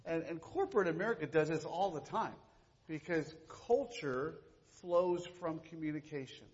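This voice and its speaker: A man's voice: fairly high pitch, moderate pace, muffled recording. A middle-aged man co-leading a church workshop, sarcastic and joking, recorded in a church hall.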